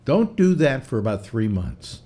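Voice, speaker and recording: An older man hosting a casual chat show, telling stories in a chatty, animated way. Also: mid-range voice, a little slow, breathy edge. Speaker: host.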